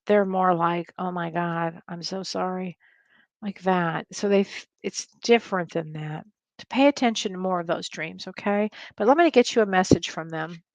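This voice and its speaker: Middle-aged woman doing a live q&a as a medium, gentle and reassuring, repeats herself, dry close mic. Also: mid-range voice, dry recording. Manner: warm, reassuring, repeats phrases for comfort. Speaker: spiritual medium host. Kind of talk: live-stream Q&A, reading viewer comments.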